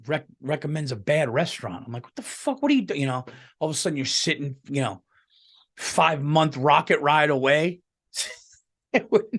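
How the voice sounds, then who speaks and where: Man, podcast host, slightly high voice, rambling, profane, casual comedic monologue, close podcast mic. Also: fairly bright tone. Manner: rambling, profane, full of restarts. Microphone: podcast microphone, on camera.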